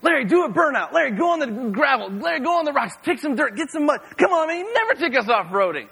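A man's voice: extremely high pitch, big pitch swings, fast talker, vocal fry, pushed and bright, voice pushed up, full character voice. A man voicing a bunch of teenage boys eagerly pestering a driver to go off-road, with pushy pleading. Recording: long hall reverb.

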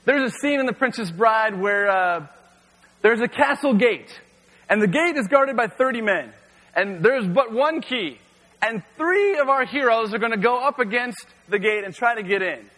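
Male youth pastor, relaxed storytelling sermon, crisp bright tone, long hall echo. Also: very high-pitched, normal speed. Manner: casual storytelling with frequent fillers.

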